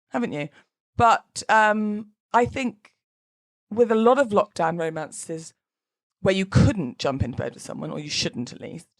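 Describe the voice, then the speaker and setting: A woman hosts her wedding podcast in a loose, chatty way. She overshares freely and pokes fun at herself while she applies makeup between sentences. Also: medium pitch. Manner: chatty, oversharing, self-mocking. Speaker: wedding podcast host and celebrant. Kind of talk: casual chat.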